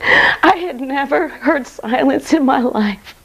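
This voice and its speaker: A woman's voice: sits high, slow pace, creaky, fairly bright tone, rough recording. A middle-aged woman telling her personal faith testimony in an earnest, emotional way, often saying "you know". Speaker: guest sharing her testimony.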